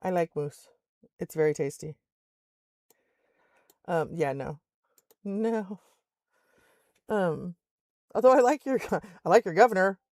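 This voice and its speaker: An older woman in Alaska tells stories while streaming a game, chatting casually, laughing often and mimicking other people's voices. She speaks slowly with frequent pauses, in a fairly low, animated, darkish voice, studio-quality and echo-free.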